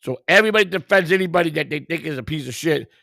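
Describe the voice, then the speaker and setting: Gravelly, combative man answering viewer comments. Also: on the high side, animated, racing, sharp tone, no room sound, clean studio sound. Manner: combative, profane, talks back to viewers. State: tired. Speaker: livestream host. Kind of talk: live-stream chat reading viewer comments.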